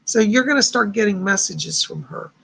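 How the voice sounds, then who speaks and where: A man's voice: high voice, moderate pace, creaky, pushed and bright, slightly rough. A man hosting a live stream of psychic readings, talking in a chatty, reassuring way with a somewhat strained voice. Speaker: psychic host.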